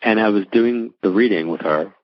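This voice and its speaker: A man's voice: on the low side, moderate pace, dry recording, muffled recording. Chatty middle-aged man. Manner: chatty, many likes and restarts, acts out quoted voices. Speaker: psychic medium guest. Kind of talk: casual storytelling interview.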